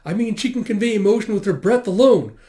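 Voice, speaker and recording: A man voicing an excited young woman who gushes about a rival actress in a high, breathless rush. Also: quick pace.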